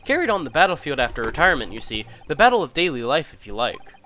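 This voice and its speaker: A man's voice: a little high, sing-song, quick pace, bright, forceful tone, slight background noise. A man voicing a blustering retired army officer who leads a jury, with hearty, clipped military chatter. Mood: jolly.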